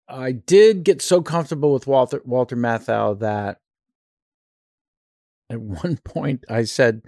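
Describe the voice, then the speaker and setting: A man's voice: mid-range voice, unhurried, pauses often, warm tone, no room sound, clean studio sound. A male actor and impressionist telling rambling, self-deprecating stories in a casual interview.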